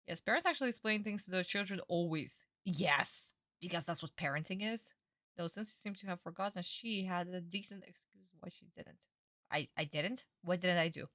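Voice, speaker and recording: A woman in a casual livestream reaction, rambling and excitable, with a frequent swear thrown in. Her voice sits a little low but rings bright and forceful, recorded close and dry with no room sound. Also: normal speed, no echo. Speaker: streamer reacting to a cartoon.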